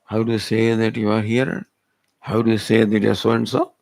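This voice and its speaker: A man's voice: fairly low pitch, little pitch movement, a little fast, vocal fry, darkish tone, no echo. A male spiritual teacher, giving a Vedanta discourse and pressing the listener with rhetorical questions. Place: retreat hall.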